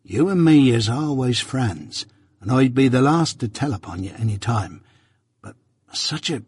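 A man voicing a gentle, simple-hearted blacksmith who talks slowly and solemnly in a confidential way. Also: mid-range voice, expressive, breathy edge, no room sound, studio quality, full character voice. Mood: earnest worry.

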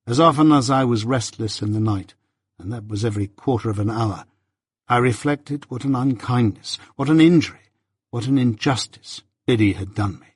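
A man giving a measured, reflective scripted narration of an audiobook. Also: medium pitch, slightly rough, no echo, clean studio sound.

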